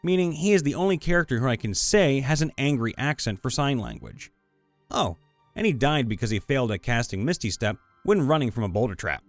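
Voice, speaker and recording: A man's voice: medium pitch, very animated, a little fast, faint music behind. A man, a voice actor, reading fan stories in a playful, upbeat, goofy way. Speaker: voice actor and story narrator.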